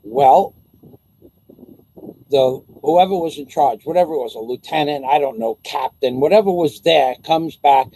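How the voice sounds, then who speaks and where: A man's voice: a little high, a little slow, mellow, a little hiss or hum, poor audio. A man telling a rambling personal story in casual vlog style, swearing, restarting sentences and acting out the dialogue. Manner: rambling, profane, stumbling restarts, acts out dialogue. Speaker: vlogger.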